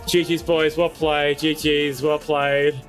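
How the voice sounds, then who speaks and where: An excitable young man commentating his own gameplay on a live stream, with a voice that sits a little high for a man. He shouts quick callouts, swears casually and repeats himself insistently when he argues, while faint music plays under him.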